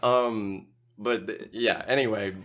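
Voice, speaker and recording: A man's voice: fairly low pitch, fairly even intonation, slow pace, fairly bright tone. A man co-hosting a podcast in casual chat, laughing often and acting out characters' lines while recapping. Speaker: podcast co-host.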